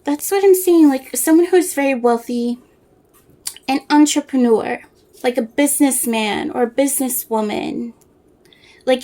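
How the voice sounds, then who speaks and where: A woman with a slightly high voice gives a casual tarot reading straight to the viewer. She talks in a soft, rambling way, hunting for words and restarting her sentences as the reading comes to her. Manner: rambling, searching for words, many fillers and restarts. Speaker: tarot reader.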